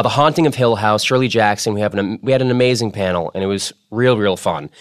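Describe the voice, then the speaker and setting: A man's voice: medium pitch, fairly bright tone, dry recording, studio quality. Playful, jokey man hosting a podcast. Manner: playful, jokey, self-mocking. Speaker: podcast host. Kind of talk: casual podcast chat.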